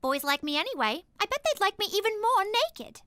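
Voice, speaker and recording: Super high bratty teen girl, bright and bouncy, all over the place, whines for cash. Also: very animated, a little fast, no room sound, studio quality, heavily acted. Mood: whiny. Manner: whiny, petulant, sing-song demands. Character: spoiled bratty teen daughter, whiny and manipulative. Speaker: teen daughter Teresa. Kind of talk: animated cartoon voice acting.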